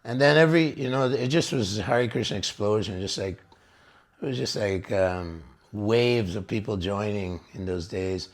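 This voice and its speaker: A man's voice: fairly low pitch, moderate pace. An older man telling stories from his youth in a rambling, casual way, often laughing and acting out what others said. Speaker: devotional speaker recounting memories. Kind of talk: casual storytelling talk.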